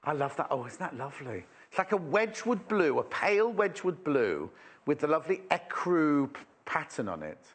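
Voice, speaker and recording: Chatty man with lively pitch. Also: moderate pace. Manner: chatty and rambling, exclaiming over fabrics. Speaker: shopping channel presenter. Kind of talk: live sales presenting. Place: TV shopping studio.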